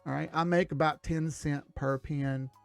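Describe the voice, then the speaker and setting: A man voicing an eager male pen seller pitching his product to an investor in a pleading, salesy way. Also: fairly even intonation, normal speed, gravelly, dry recording, faint music behind.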